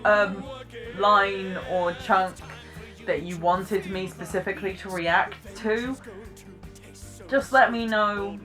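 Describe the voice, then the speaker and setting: A woman's voice: mid-range voice, steady tone, slow pace, long pauses, fairly bright tone, faint music behind. A British woman giving chatty, self-deprecating reaction commentary, laughing often as she talks. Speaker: vlogger reacting to clips.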